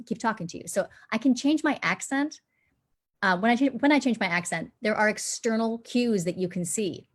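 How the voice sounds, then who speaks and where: Woman, dialect coach, animated explainer; demonstrates accents mid-sentence. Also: medium pitch, normal speed. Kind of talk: live panel discussion.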